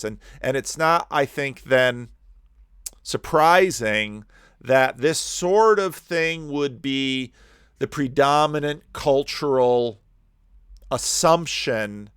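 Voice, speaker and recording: A man pausing a video to comment on it, rambling and restarting his sentences often. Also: mid-range voice, fairly bright tone, clear, resonant tone, no room sound, studio quality. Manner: digressive, frequent restarts and repeated words.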